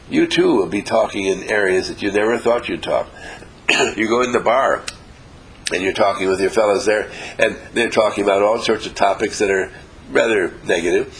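A man's voice: fairly low pitch, a little hiss or hum, low-quality recording. A man giving a motivational talk to a small group, emphatic and repetitive, often chuckling. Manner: acts out quoted voices, chuckles often. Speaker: inspirational speaker.

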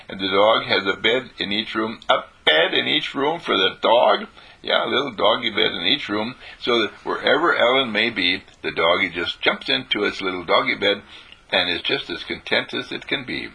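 A man with a lowish, pushed, bright voice gives a casual spiritual talk, telling stories, repeating phrases for emphasis and clearing his throat occasionally.

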